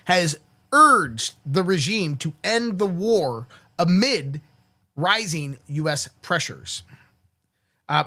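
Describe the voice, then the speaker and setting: Hosting a daily political commentary show in a casual style, this man speaks in a slightly high voice that's pushed and bright. He's blunt and foul-mouthed, often cursing, and he stumbles into restarts that repeat words.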